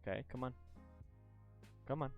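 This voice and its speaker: A man hosting a live stream, chatting casually as he reviews motorcycle crash videos and sometimes bursts into loud, excited shouts. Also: mid-range voice, moderate pace, creaky, muffled recording, faint music behind.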